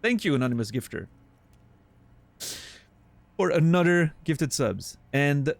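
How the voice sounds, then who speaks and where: A man's voice: on the high side, big pitch swings, measured pace, vocal fry, long pauses, no echo. A man streaming live, chatting casually with his viewers and thanking them, on a studio condenser microphone.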